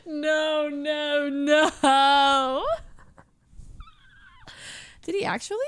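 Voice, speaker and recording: A young woman with a high, bright voice reacts to clips on stream in a chatty, giggly way. She talks loosely, laughing and rambling as she goes. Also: fairly even intonation, extremely slow. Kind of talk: casual reaction commentary.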